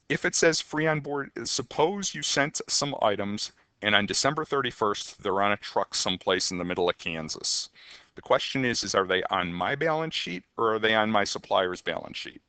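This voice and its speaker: A man's voice: lowish voice, sharp tone, smooth, no echo. A man teaching accounting in a conversational recorded lecture, with frequent ums and rhetorical questions to the students. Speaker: accounting instructor.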